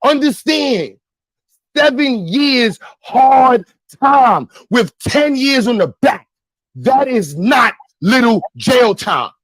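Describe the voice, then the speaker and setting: Brooklyn man, very high voice, angry shouted livestream rant, dry close sound. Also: sing-song, slow, no echo, low-quality recording. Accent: Brooklyn, New York. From New York.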